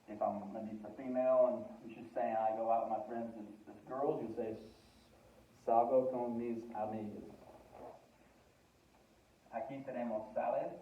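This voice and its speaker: A man giving a casual lesson on verbs, chatty and relaxed, spelling words out letter by letter. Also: mid-range voice, slight background noise. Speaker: Spanish teacher. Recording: distant, echoey, phone-like sound.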